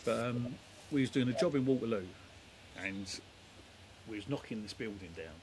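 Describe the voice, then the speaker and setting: A man's voice: mid-range voice, moderate pace, darkish tone, a little hiss or hum, low-quality recording. A middle-aged man, a demolition company head, telling stories in a rambling, down-to-earth way. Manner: rambling, down-to-earth, lots of fillers. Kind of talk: casual storytelling chat.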